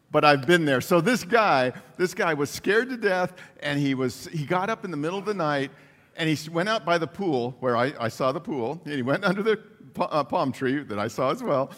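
A man delivers a sermon like a story, bouncing between his own retelling and acted-out quotes with frequent laughs. His voice sits a little high for a man. The sound carries a long reverb, as in a large hall. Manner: animated, acts out quotes, laughs often. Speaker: preacher.

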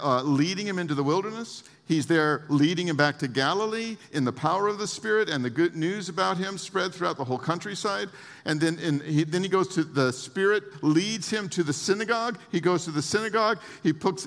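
Male pastor, slightly high voice, animated preaching, long hall reverb. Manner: animated, lively preaching with laughs and asides. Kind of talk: sermon.

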